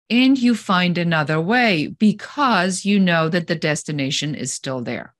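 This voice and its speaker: Low-voiced woman telling lively stories. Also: a little slow, few pauses, dry recording, clean studio sound. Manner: animated storyteller, acting out scenarios. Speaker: podcast guest, business growth advisor. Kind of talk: conversational interview.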